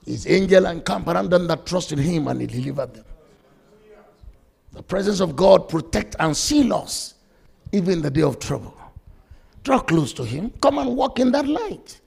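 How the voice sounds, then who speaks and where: Brief: emphatic pastor preaching, high voice with a husky rasp. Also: male voice, big pitch swings, normal speed, pauses often, a little mellow. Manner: emphatic preaching, quoting scripture. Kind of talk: sermon with testimony.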